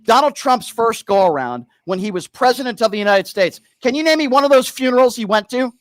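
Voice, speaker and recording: A man's voice: very high voice, lively intonation, brisk, a bit bright, no echo, studio quality. A man hosting a heated political debate, combative and sarcastic, cutting in on his opponent.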